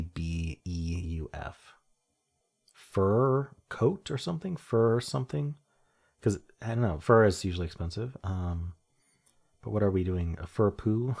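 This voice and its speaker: A man's voice: low voice, darkish tone. A young man casually talking through word puzzles, musing aloud and chuckling at his own jokes. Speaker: puzzle game streamer. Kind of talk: casual solo commentary while solving puzzles.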